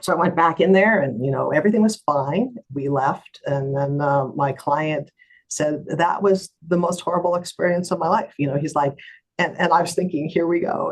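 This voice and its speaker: A woman's voice: lowish voice, expressive, fairly quick, breathy edge, rough recording. A middle-aged woman lawyer, a guest in an interview, retelling a courtroom story with animation and acting out the voices of others.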